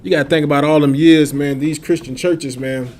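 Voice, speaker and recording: A man's voice: fairly high pitch, fairly even intonation, brisk, darkish tone. A man telling a long street story in casual slang, laughing often and acting out the other voices.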